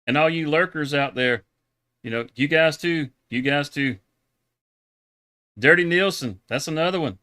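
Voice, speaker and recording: Bright-voiced man, rambling stream host. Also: a little high, measured pace, pauses often. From Texas. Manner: relaxed, rambling, laughs often. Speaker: livestream host. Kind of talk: casual live-stream chat.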